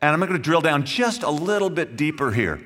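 Male pastor, sermon, emphatic, slightly high voice. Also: big pitch swings, brisk, fairly bright tone. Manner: earnest, emphatic, addresses the congregation directly.

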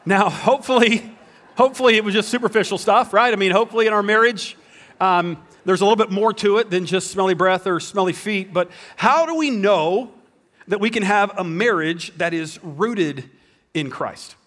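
A man's voice: high voice, moderate pace, a bit bright. A man preaching a sermon as pastor, telling a story with jokes and restarting his sentences often. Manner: storytelling, joking, many restarts.

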